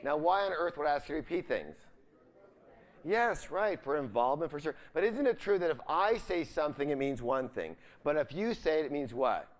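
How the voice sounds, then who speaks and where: A man with a somewhat high, lively voice speaks briskly while leading a live seminar. Brimming with upbeat energy, he keeps quizzing the audience and trails off at the ends of sentences so they can finish them.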